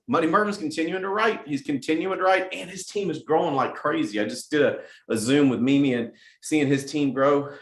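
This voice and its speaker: Middle-aged guy pumping up his sales team, keeps repeating stuff, slightly high voice, echoey room. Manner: energetic, repeats phrases for emphasis. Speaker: sales team leader hosting a weekly message. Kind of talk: motivational team address.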